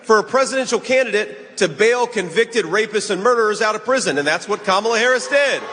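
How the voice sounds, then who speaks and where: A man's voice: sits high, animated, a little fast. A man giving an emphatic, mocking rally speech in a large arena, played back from a clip. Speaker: political speaker at a rally. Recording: played clip with loud crowd noise and long reverb.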